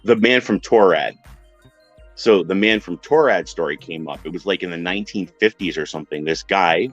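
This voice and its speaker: A man with a very low voice spins a story for a podcast panel in a loose, conversational way, now and then acting out the people in it. The sound is dry and a little dull, with faint music underneath. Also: normal speed, no room sound. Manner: animated retelling, acts out quoted voices.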